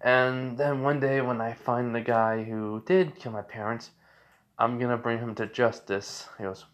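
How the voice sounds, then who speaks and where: A young man narrates fan fiction off the cuff in a mid-pitched voice. He rambles, restarts sentences and leans on fillers as he goes. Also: steady tone, measured pace, muffled recording. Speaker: fan storyteller.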